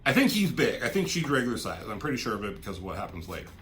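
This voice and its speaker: A man casually recapping a comic book issue as a reviewer, rambling and tossing in quick offhand character voices. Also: fairly low pitch, very animated, a bit bright, a little hiss or hum.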